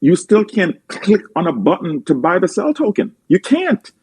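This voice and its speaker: A man's voice: sits high, big pitch swings, moderate pace, darkish tone, husky, no echo. A man with a Jamaican accent, making insistent points in a casual group call.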